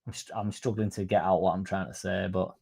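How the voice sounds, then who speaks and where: A man's voice: low-pitched, steady tone, fast, gravelly, darkish tone, husky. A man co-hosting a casual chat, rambling, self-deprecating and swearing casually. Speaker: podcast co-host.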